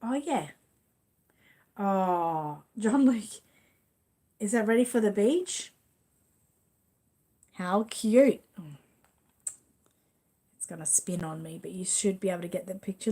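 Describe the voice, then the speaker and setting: A woman's voice: mid-range voice, animated, slow pace, long pauses, dark tone. A middle-aged Australian woman hosting a casual livestream, chatting and reading viewer comments aloud with frequent laughs. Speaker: livestream host.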